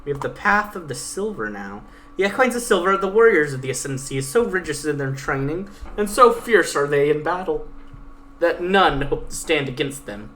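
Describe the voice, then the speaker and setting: A woman's voice: sits low, expressive, a bit bright, slight background noise. A woman hosting a strategy game let's play, giving casual, bubbly, chatty commentary and reading story events aloud. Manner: bubbly, chatty, quick to laugh.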